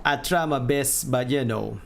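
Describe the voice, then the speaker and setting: A man streaming a game and chatting casually with his audience, self-deprecating and quick to laugh. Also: mid-range voice, creaky. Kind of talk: casual gameplay chat.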